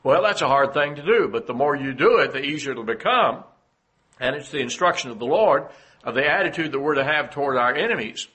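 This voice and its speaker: Husky-voiced man preaching a sermon. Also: a little high, pushed and bright. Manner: measured, reads scripture aloud, pauses with "uh".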